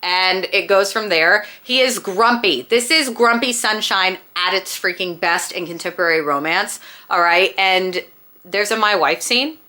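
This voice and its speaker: A woman's voice: medium pitch, a little slow, sharp tone. A woman chatting casually as a book vlogger, gushing and emphatic as she recommends books.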